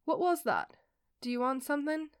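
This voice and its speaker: A woman's voice: sits high, very animated, normal speed, pitched above the performer's own voice. A woman voicing an anxious, flustered young man tending a sick friend in a fan fiction reading.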